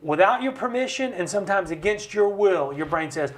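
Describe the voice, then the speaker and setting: A man leads a studio conversation. His voice sits high for a man, and he talks in an emphatic, preacher-like way. He acts out the quotes he cites. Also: animated, brisk. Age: 50s. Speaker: host. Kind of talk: conversational podcast talk, preaching-style. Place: recording studio.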